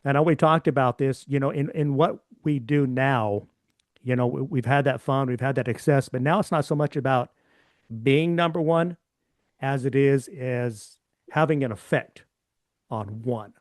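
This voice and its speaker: A man's voice: medium pitch, moderate pace, no echo, studio quality. Reflective man hosting an interview. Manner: reflective, repeats words while thinking. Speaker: podcast host. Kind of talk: interview conversation.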